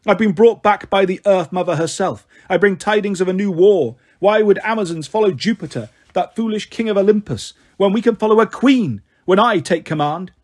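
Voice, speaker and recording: Man as an old deposed warrior queen, taunting and scheming, raised pitch, husky. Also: moderate pace, few pauses. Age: older. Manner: mocking, taunting.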